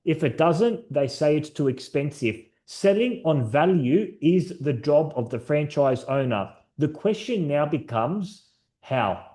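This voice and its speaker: A man's voice: a little high, lively intonation, measured pace, mellow. A man presenting a sales training session to his team over a video call, upbeat and encouraging, telling stories. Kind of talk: live online training session.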